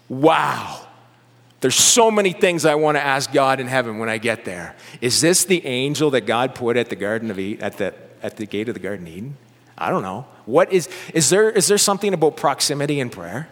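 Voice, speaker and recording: A man preaching a sermon in a church, animated and conversational, with joking asides to the congregation. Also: high-pitched. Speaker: pastor. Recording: long hall reverb.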